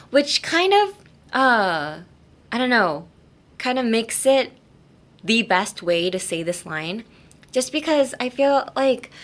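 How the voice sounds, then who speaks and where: A woman's voice: fairly low pitch, fairly bright tone. A woman hosting a podcast English lesson, talking casually and rambling with lots of fillers and self-corrections. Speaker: podcast host teaching English through anime.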